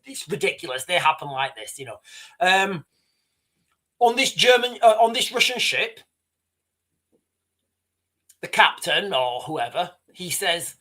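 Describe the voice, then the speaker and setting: A man's voice: sits high, very animated, a little slow, pauses often, bright, forceful tone. A man hosting a livestream, talking viewers through speculative scenarios in a rambling, casual way. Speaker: livestream host.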